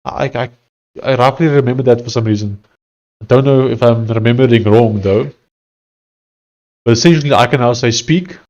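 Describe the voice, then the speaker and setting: A man's voice: medium pitch, moderate pace, pauses often, a little mellow, dull audio. A South African man talking casually as he codes, thinking aloud and hesitant, often restarting his sentences. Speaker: software developer streamer. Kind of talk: casual live-coding commentary.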